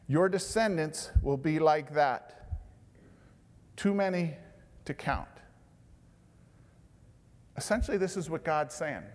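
A man preaching a sermon, dropping to a hushed tone for tender lines and rising to loud, emphatic bursts. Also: on the high side. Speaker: pastor. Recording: long hall reverb.

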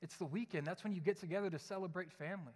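High-voiced preacher in a reverberant church. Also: male voice, racing. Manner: conversational, joking, animated storytelling. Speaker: pastor. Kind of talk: sermon. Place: church sanctuary. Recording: long hall reverb.

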